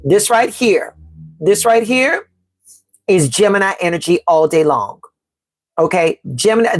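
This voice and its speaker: A woman from Chicago leads a live tarot stream in a dry, close recording, her pitch sitting mid-range. She speaks emphatically, repeats her lines for weight, and calls her viewers "baby" and "y'all" while reading the chat. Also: no room sound. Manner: reads out and answers the live chat. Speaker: tarot reader and astrology host.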